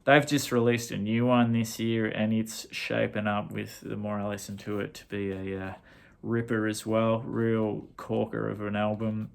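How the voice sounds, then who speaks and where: Gravelly Australian man chatting about records. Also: on the low side, flat delivery, moderate pace. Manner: rambling, self-correcting, chatty with slang. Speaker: vinyl collector reviewing records. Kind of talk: casual record review vlog.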